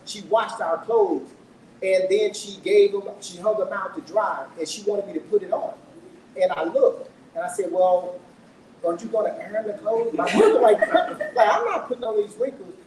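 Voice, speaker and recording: In an echoey event room, a middle-aged man's high voice with a darkish tone comes from a distance over faint noise. He is launching his book, telling the audience a personal story in an earnest, emotional manner and asking them questions.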